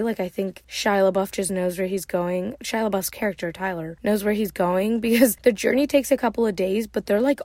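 A woman's voice: medium pitch, a little mellow, dry recording. A woman giving a casual, rambling movie recap, giggling often and filling her speech with "like". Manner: rambling, giggly, heavy use of "like". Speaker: vlogger.

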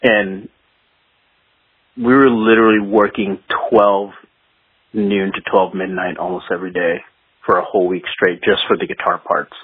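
Husky-voiced man on a tinny line. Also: low-pitched, level tone, normal speed, pauses often, dry recording. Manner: rambling and anecdotal, laughs while telling stories. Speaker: guest musician, guitarist. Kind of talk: casual interview storytelling. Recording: tinny phone-like line, dry.

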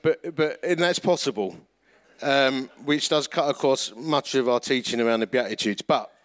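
In a mid-range voice at normal speed, a middle-aged male pastor delivers a sermon built on stories. He keeps it chatty, makes fun of himself, and imitates the people in his tales.

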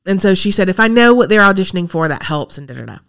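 A woman's voice: fairly low pitch, sing-song, racing, vocal fry. Chatty storytelling woman. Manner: chatty storyteller, acts out quotes. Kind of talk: casual chat.

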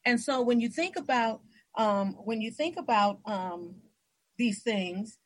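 Husky-voiced woman telling animated stories. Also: a little high, measured pace. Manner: animated storyteller, acts out quoted voices. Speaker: host. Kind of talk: casual interview conversation.

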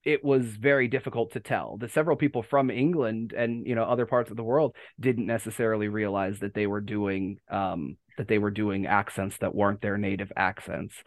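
A man's voice: on the low side, steady tone, a little fast, hardly any pauses, no room sound. Rambling American man hosting, dry sound. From United States. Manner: rambling, self-correcting, many fillers. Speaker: podcast host. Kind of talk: casual fan discussion.

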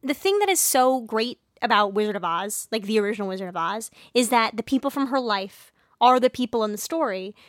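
Woman, podcast co-host, slightly high voice, quick questioning banter, dry close sound. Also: animated, no room sound. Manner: quick, questioning, builds on the jokes. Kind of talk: casual comedic riffing.

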